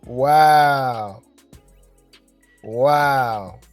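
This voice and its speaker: A man's voice: medium pitch, very slow, no room sound, soft background music. A man hosting casual gossip commentary, chatty and rambling, with lots of fillers. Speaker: commentary host.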